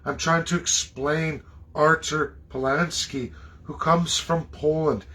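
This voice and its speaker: A man from Canada delivering an impassioned political rant, firing off rhetorical questions and swinging into high, mocking tones. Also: fairly even intonation, takes it slowly, sharp tone. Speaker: political commentator.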